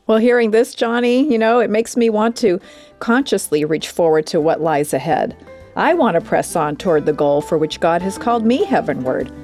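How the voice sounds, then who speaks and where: A woman's voice: mid-range voice, animated, moderate pace, a little mellow, faint music behind. A woman co-hosting a devotional radio program, speaking directly to listeners.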